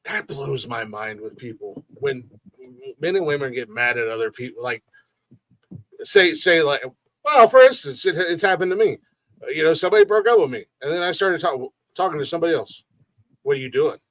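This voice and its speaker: A man's voice: fairly high pitch, fairly quick. A man co-hosting a casual comedy podcast, telling stories with lots of swearing and acted-out quotes. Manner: animated storyteller, swears freely, acts out quotes. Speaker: podcast co-host. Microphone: streamed podcast mic.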